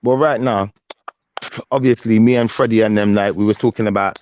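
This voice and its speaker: A man's voice: fairly low pitch, fairly even intonation, fairly quick, darkish tone, lo-fi sound, a little hiss or hum. A man, ranting angrily on a discussion panel, swearing freely. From Jamaican heritage, raised in UK. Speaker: panel host.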